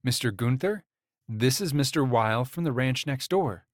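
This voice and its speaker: A man's voice: mid-range voice, animated, measured pace, dry recording, studio quality, lightly acted. A man voicing a flustered young woman who speaks in a chirpy, placating way.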